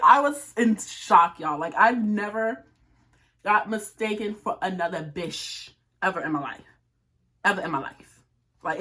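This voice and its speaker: A young woman vlogger telling a rambling story-time tale to her viewers, full of "like" and asides. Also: mid-range voice. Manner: rambling and animated, heavy use of "like".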